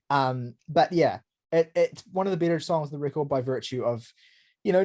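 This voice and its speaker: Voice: mid-range voice, darkish tone. Blunt, rambling album-review co-host. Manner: emphatic, rambling, blunt with swearing. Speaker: podcast co-host. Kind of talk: casual album review chat.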